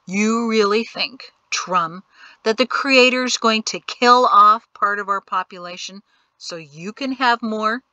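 A woman reading an audiobook voices a forceful, indignant male colonel confronting a crowd. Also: medium pitch, dry recording. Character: angry male colonel, stern and blunt.

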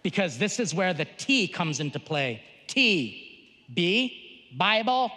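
A man, a Catholic priest, giving a lively conference talk with jokes and a teaching tone. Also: high-pitched, slow pace. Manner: animated, joking, teaching tone. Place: large conference hall. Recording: long reverb of a large hall.

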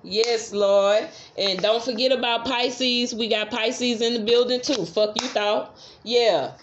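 A woman's voice: fairly high pitch, steady tone, takes it slowly, slight background noise. Chatty woman tarot reader, lo-fi sound. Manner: chatty, repeats affirmations, swears freely. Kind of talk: casual tarot reading.

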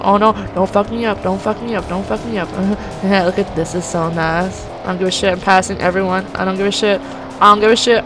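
A woman giving excited, gushing commentary while playing a racing game, swearing freely and often gasping and laughing. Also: mid-range voice, fairly quick, music in the background. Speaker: gaming channel host.

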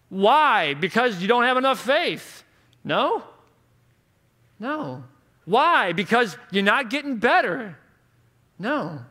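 Preaching at a conference, a thirty-something man poses rhetorical questions and swings from hushed passages to emphatic ones. He has a high voice.

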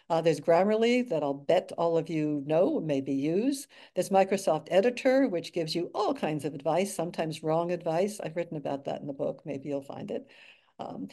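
An older woman gives a measured academic lecture from her slides, her voice mellow and soft-edged. She adds dry asides and pauses on filler words as she goes. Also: lowish voice. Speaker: guest speaker.

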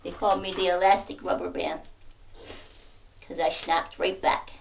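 A woman venting to camera in a profane rant, going from shouting to muttering. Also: on the low side, level tone, moderate pace, vocal fry, a little hiss or hum. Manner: profane, ranting, swings between shouting and muttering. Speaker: vlogger. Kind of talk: angry venting monologue. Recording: voice distant from the mic.

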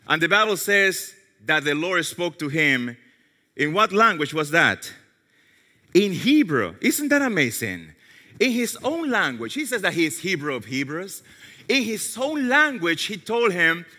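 Animated preacher man in a reverberant hall. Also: unhurried. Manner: animated storytelling, self-mocking humor, drops to a hushed low voice for quoted words. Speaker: pastor. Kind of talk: sermon. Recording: long reverb of a large hall.

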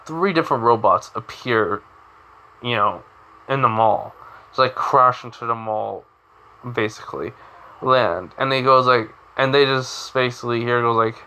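A man's voice: medium pitch, measured pace, sharp tone, a little hiss or hum. A young man casually retelling a fan story with lots of fillers, like and you know.

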